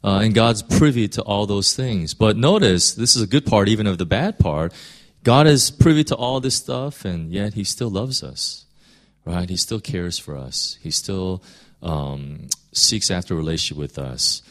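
Conversational man preaching a sermon, lowish voice. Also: animated, normal speed. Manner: conversational, many fillers and restarts, rhetorical questions. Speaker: pastor. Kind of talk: casual sermon teaching.

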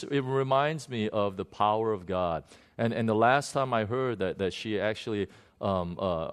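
A man telling a personal ministry story unscripted, earnest and halting, often restarting and repeating words. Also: fairly low pitch. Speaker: minister recounting a prayer session.

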